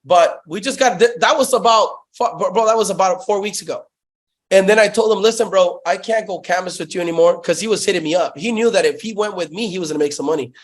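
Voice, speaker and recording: A man's voice: high voice, quick pace. A young man telling sales stories in a casual interview, profane and hyped, saying "bro" constantly. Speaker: guest, sales company founder.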